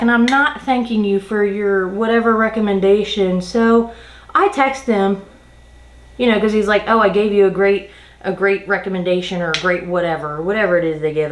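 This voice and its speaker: Recorded in an echoey room, this woman speaks in a mid-range voice at an ordinary speed. She's a beauty vlogger applying makeup during a casual storytime, exasperated and ranting as she vividly retells a work story.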